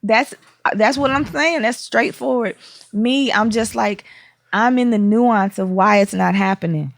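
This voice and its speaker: A woman's voice: a little high, unhurried, creaky, no echo. A woman speaking as a podcast guest in casual, reflective conversation, often searching for words.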